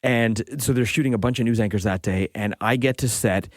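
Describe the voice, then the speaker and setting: A man in his forties tells a story on a podcast in a casual, chatty way. He slips into the voices of the people he quotes, so the telling stays lively. His voice sits in a middle register, and the studio mic gives it a dry, close sound. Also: medium pitch, fairly quick, no echo. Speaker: podcast co-host.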